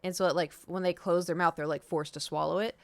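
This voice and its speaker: Smooth-voiced woman rambling through a story. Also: lowish voice, steady tone, quick pace, no room sound. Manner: rambling storytelling, acts out quoted dialogue, swears. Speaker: streamer. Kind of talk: casual chat to stream viewers.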